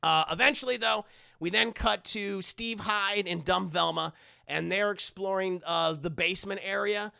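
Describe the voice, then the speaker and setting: A man recapping a movie to his chat in a rambling, crude, animated way. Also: high voice, moderate pace, vocal fry, clean tone, dry recording, clean studio sound. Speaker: streamer.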